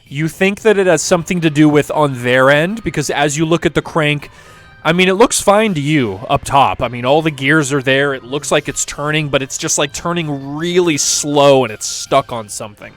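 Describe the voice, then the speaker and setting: A man running a tabletop game as dungeon master, narrating with a relaxed, rambling manner and fillers. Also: fairly high pitch, moderate pace. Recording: streamed with background music.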